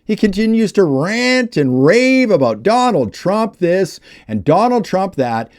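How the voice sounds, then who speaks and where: A man's voice: high voice, big pitch swings, unhurried, darkish tone. A man delivering a heated opinion vlog about politics, emphatic and ranting. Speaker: political commentator.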